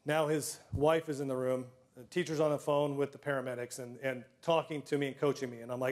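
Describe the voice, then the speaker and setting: A middle-aged man telling personal stories to a live audience, self-deprecating, with comic timing and frequent throat clearing. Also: medium pitch, little pitch movement, brisk, few pauses, a little mellow. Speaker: storyteller.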